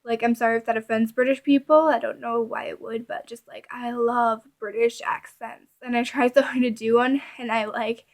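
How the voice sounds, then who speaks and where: A woman's voice: fairly high pitch, flat delivery, normal speed, hardly any pauses. A young woman vlogging in a rambling, casual chat full of filler words.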